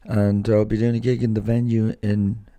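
A man's voice: on the low side, level tone, moderate pace, dark tone, no echo. A man with a Dublin Irish accent hosting a podcast, chatting casually in a rambling way, full of slang and fillers. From Ireland. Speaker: podcast host and comedian.

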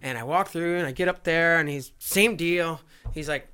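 A man casually telling travel stories as a guest, animated and acting out the people he met. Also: on the high side, moderate pace, clean tone. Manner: animated, acts out other voices. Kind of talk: casual storytelling chat.

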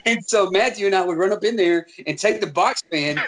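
A man's voice: high voice, a little fast. A man telling rambling, profane stories in casual chat among friends. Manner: rambling profane storytelling, animated voices in quotes.

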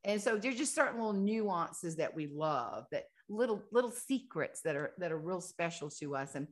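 A woman with a Southern American accent, a guest author chatting in an interview and telling folksy, animated stories that she often laughs through. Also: lowish voice, normal speed. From Southern United States. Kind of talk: casual storytelling interview.

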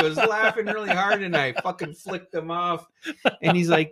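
Man, casual storyteller, profane and laughing, slightly high voice. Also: steady tone, normal speed, a crowd in the background. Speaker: podcast co-host.

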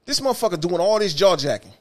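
A man's voice: high voice, fast talker. A man, a bus driver telling profane stories on a casual podcast and acting out the quotes. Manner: animated, profane, acts out quotes.

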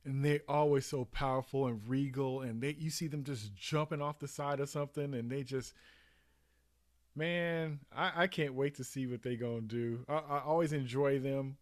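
A man's voice: medium pitch, normal speed, no room sound. Guy gushing about a movie trailer on a podcast, dry close sound, lots of restarts. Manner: animated, emotional, rambling with restarts. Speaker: podcast co-host. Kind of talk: casual chat.

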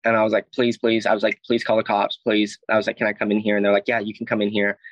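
A man's voice: fairly low pitch, completely flat delivery, quick pace, no echo, dull audio. Young man rambling through a story. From Alabama. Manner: rambling, heavy "like" and "I was like", frequent swearing. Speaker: guest telling his story. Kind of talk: casual storytelling.

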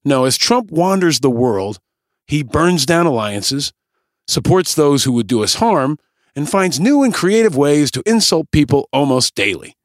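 A man's voice: fairly high pitch, sing-song, a little slow, no echo, clean studio sound. A man hosting a podcast, delivering scripted, sarcastic and pointed political commentary. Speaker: podcast host.

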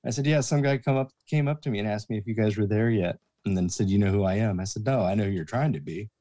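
A fast-talking man with a fairly low pitch, here as a guest, draws on his past as a promoter's assistant. His casual backstage story is told with animation, and he acts out every quoted voice.

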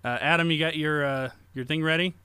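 A man hosting a casual quiz game, halting and restarting his sentences. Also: on the high side, fairly even intonation, sharp tone, clean tone, no echo. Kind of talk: casual game show chat.

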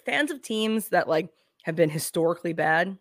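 A woman's voice: fairly low pitch, expressive, moderate pace, no echo, clean studio sound. A young woman who is a guest on a casual podcast. She talks bluntly, gives strong opinions and swears.

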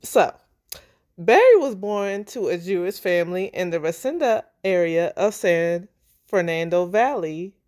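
A woman's voice: lowish voice, animated, unhurried, a little mellow. A woman co-hosting a true-crime podcast, telling the story in a casual, chatty way. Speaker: podcast co-host.

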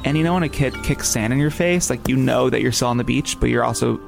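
A man with a New Jersey accent tells a story in a loose, rambling way, stopping and restarting often. His voice has a gravelly edge. Faint music plays underneath. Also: mid-range voice, quick pace. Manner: rambling, many fillers and restarts. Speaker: podcast guest. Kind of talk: casual storytelling.

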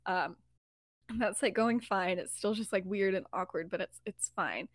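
A woman's voice: medium pitch, normal speed, no echo, studio quality. A woman co-hosting a podcast, retelling a story casually, giggly and full of fillers. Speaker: podcast co-host.

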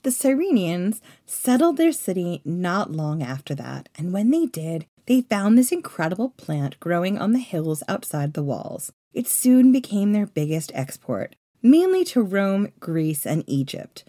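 Woman co-host, lowish voice with lots of pitch swing, conversational storyteller. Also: measured pace, few pauses. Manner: lively, conversational, jokey asides. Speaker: podcast co-host. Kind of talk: casual history storytelling.

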